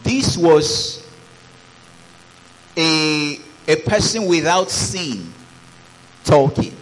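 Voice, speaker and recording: Preaching man, raised pitch. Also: very slow, rough recording. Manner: preaching with rising exclamations, reads scripture aloud. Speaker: pastor. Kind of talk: sermon.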